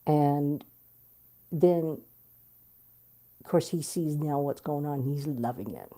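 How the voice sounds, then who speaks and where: A middle-aged woman telling a personal story in an interview, animated and blunt, swearing freely. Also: deep voice, takes it slowly. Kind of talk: candid storytelling.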